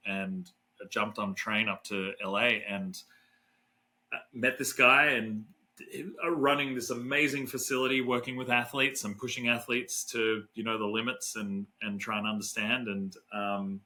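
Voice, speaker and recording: A middle-aged Australian man rambles through a story as an interview guest. His voice sits a bit low but has a strong, bright, pushing tone. He stumbles over restarts and fills pauses with ums and uhs. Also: fairly even intonation, rough recording. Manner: rambling, many fillers and restarts. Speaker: guest neuroscientist.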